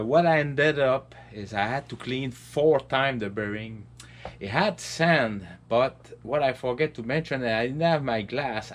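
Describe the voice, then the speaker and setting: A middle-aged man with a French accent, explaining a hands-on chainsaw repair in a halting way, with many fillers and restarts. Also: mid-range voice. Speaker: vlogger.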